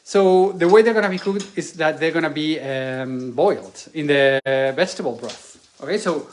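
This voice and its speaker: A cooking video co-host whose first language is Spanish chats casually while cooking in a home kitchen, searching for English words and fighting a lingering cough. His pitch is fairly high and his speed normal.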